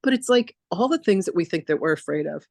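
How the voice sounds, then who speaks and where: A woman spiritual teacher leading a masterclass, telling stories in a chatty, animated way with lots of casual fillers. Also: fairly low pitch, quick pace, vocal fry, no room sound, studio quality. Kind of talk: casual storytelling lecture.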